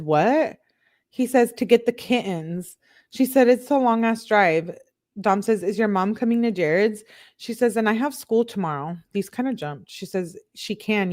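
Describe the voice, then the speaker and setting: A woman's voice: mid-range voice, darkish tone. A woman hosting a casual live stream, reading text messages aloud and reacting as she goes, with frequent "like" fillers.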